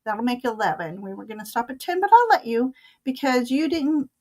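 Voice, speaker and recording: A woman's voice: fairly high pitch, sing-song, brisk, a little mellow. An older woman hosting a live tarot stream, chatting casually and laughing often.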